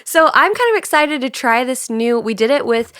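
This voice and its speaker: A young woman co-hosting a podcast in casual chat, relaxed on a couch, her voice still a little sick. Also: high voice, moderate pace, no room sound, clean studio sound. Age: young adult. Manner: chatty, laughs often, relaxed. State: slightly sick voice. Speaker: podcast co-host. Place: on a couch indoors.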